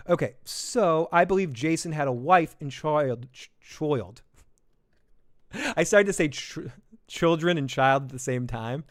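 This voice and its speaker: A man hosting a live episode reaction stream, talking casually with lots of swearing, laughs and self-deprecating jokes. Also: fairly high pitch.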